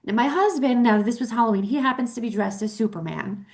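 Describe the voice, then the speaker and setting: A middle-aged woman co-hosting a talk show, telling a personal story in a chatty way with many restarts and lively quoted voices. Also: a little high, quick pace. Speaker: co-host. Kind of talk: casual storytelling chat.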